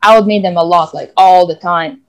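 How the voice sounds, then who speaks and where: A woman's voice: lowish voice, steady tone, a little fast. A young woman hosting a podcast conversation, candid and chatty with lots of fillers. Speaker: podcast host. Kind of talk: casual conversation.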